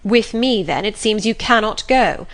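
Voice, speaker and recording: A woman's voice: medium pitch, expressive. A woman reading a stern, cold young clergyman. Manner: grave, measured, reproving. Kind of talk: audiobook reading.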